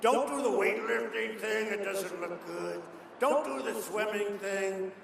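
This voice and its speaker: Man voicing a coaxing, elegant wife, booming hall, distant mic. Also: a little slow, vocal fry, noisy background, exaggerated voice. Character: elegant wife gently scolding her husband. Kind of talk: quoted voice in a rally speech.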